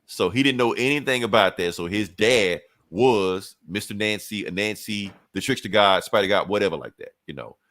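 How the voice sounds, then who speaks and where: A man co-hosts a casual podcast and retells a story with animated energy and plenty of swearing. His voice sits low. The recording is dry and close to the mic. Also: normal speed, few pauses, no room sound. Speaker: podcast co-host.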